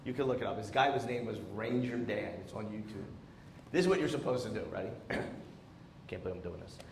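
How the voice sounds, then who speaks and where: A man performing a stand-up comedy set on a theatre stage, telling stories in an animated, exasperated way through a handheld microphone. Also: on the low side, fast talker, a little hiss or hum. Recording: roomy theatre echo.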